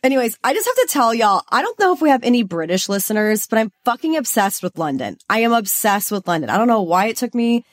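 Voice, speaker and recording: A woman's voice: a little high, very animated, fast, few pauses. A young woman from Los Angeles co-hosting a podcast, talking in a bubbly, chatty way and saying "like" a lot. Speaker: podcast co-host. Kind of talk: casual chat.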